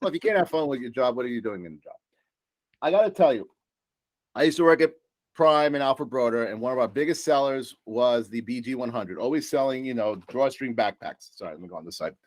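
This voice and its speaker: A man's voice: medium pitch, lively intonation, fairly quick, no room sound. A man with a New York accent giving an upbeat, joking sales presentation as a supplier, full of fillers and asides. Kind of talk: business presentation.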